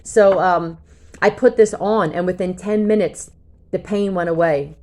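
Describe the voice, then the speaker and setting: A woman's voice: lowish voice, a little slow, a little mellow, slight background noise. Blunt, casually cursing woman. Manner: casual and blunt, curses freely, often checks in with "okay?". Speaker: tarot reader. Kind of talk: casual talk to camera.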